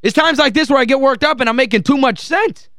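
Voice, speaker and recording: A sports radio host with a very high-pitched voice, worked up and exasperated, stacking repeated phrases on top of each other as he rants. The studio sound is close and dry, with no room around him. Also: fast talker, sharp tone, no echo. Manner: heated, exasperated, emphatic ranting. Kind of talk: call-in sports talk rant.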